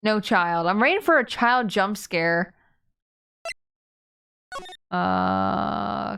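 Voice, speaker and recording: A woman streaming a game live, chatting and reading its dialogue aloud with giggles and loud excited outbursts. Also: mid-range voice, drawn-out words, vocal fry, long pauses, faint music behind.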